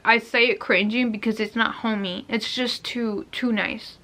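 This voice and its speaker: Woman, young adult, higher voice, casual vlog chat, rambling, lots of restarts. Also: steady tone, unhurried, bright, forceful tone. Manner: rambling, heavy use of "like", frequent restarts. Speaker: vlogger.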